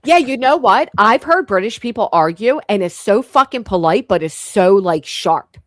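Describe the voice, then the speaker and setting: A woman's voice: medium pitch, expressive, a bit bright, no echo, studio quality. Lady running a chill chat stream, asks loads of questions, mid voice. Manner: curious, laughing, quick questions. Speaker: host. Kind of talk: casual online chat show.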